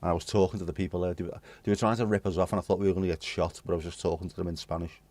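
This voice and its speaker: A man's voice: sits low, little pitch movement, rapid-fire, darkish tone, dry recording. A British man hosting a livestream, rambling cheekily through chat messages with swear words and jokes. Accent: British English. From United Kingdom. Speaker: livestream host. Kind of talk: casual chat to live chat readers.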